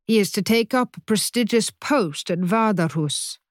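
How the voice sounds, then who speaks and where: A man's voice: high voice, lively intonation, measured pace, dry recording, clean studio sound. A woman reading an audiobook voices an older Norwegian father who speaks formally and eagerly.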